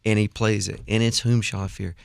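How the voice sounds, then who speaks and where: A middle-aged man telling a story in a radio studio interview, animated and acting out the people he quotes. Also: on the low side, fairly quick, gravelly, no room sound. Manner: animated storyteller, acts out quotes, laughs often. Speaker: guest songwriter.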